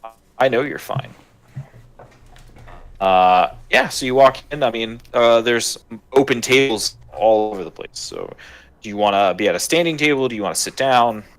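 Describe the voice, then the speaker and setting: A man's voice: mid-range voice, animated, normal speed, fairly bright tone. A man acting as game master, narrating casually with a lot of fillers and hesitations.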